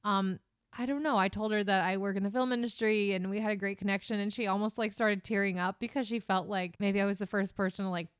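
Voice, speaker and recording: A woman's voice: mid-range voice, steady tone, fast, clear, resonant tone, no echo, clean studio sound. A woman with a Californian accent co-hosting a casual podcast chat, rambling, swearing freely and laughing easily. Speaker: podcast co-host.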